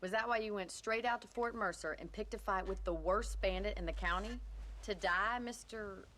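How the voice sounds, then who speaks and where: An actress voicing a young ranch woman in a video game cutscene, with a dry, sharp-tongued teasing manner. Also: mid-range voice, moderate pace, slight background noise, close to an everyday voice. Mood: dryly teasing.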